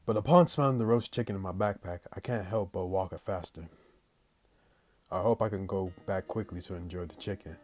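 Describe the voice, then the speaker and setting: Low-voiced male streamer reading a visual novel aloud, with slangy asides to chat. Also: brisk, a little mellow, soft background music. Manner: plain read-aloud, breaks off into slangy chat to viewers. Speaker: gaming channel host.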